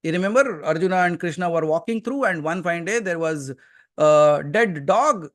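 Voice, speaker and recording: High-voiced Indian man preaching. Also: lively intonation, moderate pace, fairly bright tone. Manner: rhetorical questions, earnest and emphatic; switches into Hindi mid-talk. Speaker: spiritual teacher. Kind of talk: satsang sermon. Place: seated before a gathering.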